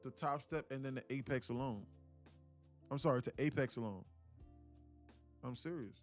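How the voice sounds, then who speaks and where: A man's voice: medium pitch, normal speed, soft background music. A man coaching viewers on a live stream about trading. He talks bluntly, swears casually and keeps calling out to his audience.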